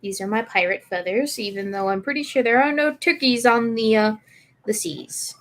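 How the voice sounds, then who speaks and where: A woman's voice: a little high, moderate pace. Teasing woman hosting a casual stream. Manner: teasing, laughs often. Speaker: stream host. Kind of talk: casual livestream chat.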